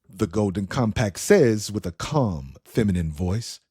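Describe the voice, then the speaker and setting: A man narrating a story in an unhurried, expressive reading style. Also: lowish voice, breathy edge, no room sound, studio quality.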